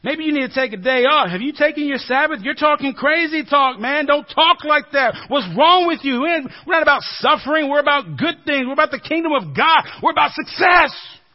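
A man's voice: very high-pitched, lively intonation, moderate pace, hardly any pauses, voice pushed up. A man preaching voices a flustered male disciple scolding his teacher, agitated and pleading. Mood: alarmed. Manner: agitated, pleading, rising to shouts. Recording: dull lo-fi recording.

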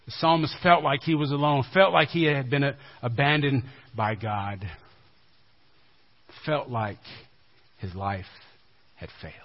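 A male pastor giving a sermon in a conversational way, dropping to a hushed low voice for emphasis. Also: unhurried, long pauses. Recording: dull lo-fi recording.

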